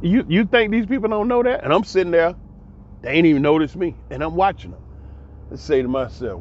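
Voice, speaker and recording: A man's voice: fairly high pitch, animated, fairly quick, a little mellow, slight background noise. Blunt, emphatic man ranting on a lo-fi recording. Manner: emphatic, repetitive, blunt and profane. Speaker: commentator. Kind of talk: casual monologue commentary. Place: abroad.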